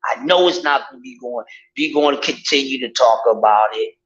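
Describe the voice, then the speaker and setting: A man ranting casually to his viewers, in an animated, profane and mocking way. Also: medium pitch, a little fast. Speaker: vlogger. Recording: dull lo-fi audio.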